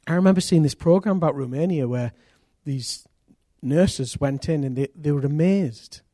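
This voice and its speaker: A man preaching a sermon as pastor, earnest and intimate, with sudden loud rises. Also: on the high side, normal speed, no echo, studio quality.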